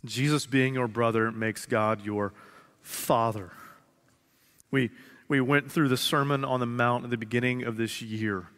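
A man in his thirties preaching a sermon to his congregation, earnest, repeating phrases slowly for emphasis and dropping from loud to hushed. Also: mid-range voice, steady tone. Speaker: pastor. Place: large church sanctuary. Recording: long reverb of a large hall.

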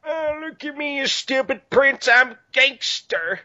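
A man voicing an old man posing as a boastful gangster, in a high mock-tough voice. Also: expressive, slow pace, bright, forceful tone, dull audio, full character voice. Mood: swaggering. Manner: boastful taunting. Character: old man in a swaggering fake gangster pose.

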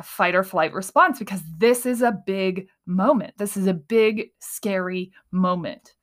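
Animated woman podcast host. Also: mid-range voice. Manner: animated, acts out her inner voices, says "right?" often. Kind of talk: casual solo podcast talk.

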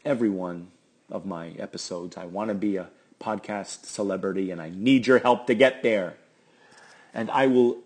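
A man's voice: lowish voice, darkish tone. A middle-aged man hosting a solo podcast, rambling along in a chatty, self-deprecating way. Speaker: podcast host. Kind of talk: casual solo podcast talk.

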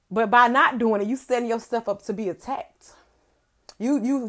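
A woman hosting a faith podcast, talking earnestly and conversationally about prayer and acting out her own prayers as she goes. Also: mid-range voice. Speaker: podcast host. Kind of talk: faith teaching monologue.

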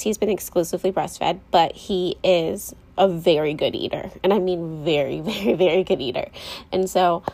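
A woman's voice: lowish voice, a little mellow. A young woman, a mom, talking candidly and rambling a little to her viewers, often correcting herself mid-sentence. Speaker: mom vlogger. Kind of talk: casual talk to camera.

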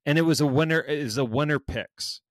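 A man's voice: a little high, a little fast, no room sound, studio quality. A man, telling a story in casual chat, swearing a lot and acting out what people said. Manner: animated storytelling, heavy swearing, acts out quotes.

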